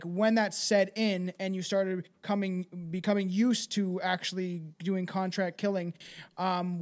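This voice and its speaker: Podcast host guy, pretty high voice, kinda rambles with lots of likes and ums. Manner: rambling, filler-heavy questions. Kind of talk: interview questions on a podcast.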